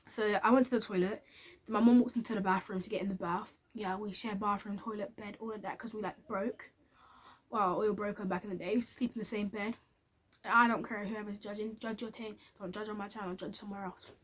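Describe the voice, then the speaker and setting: Fast-talking woman vlogger. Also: medium pitch, fairly even intonation. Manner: chatty and candid, with many fillers. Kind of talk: casual storytime monologue.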